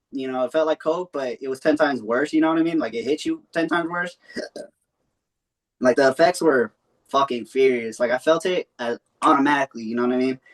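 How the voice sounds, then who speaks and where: A young man telling a long personal story in a loose, rambling way, full of swearing and fillers. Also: mid-range voice. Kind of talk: casual storytelling.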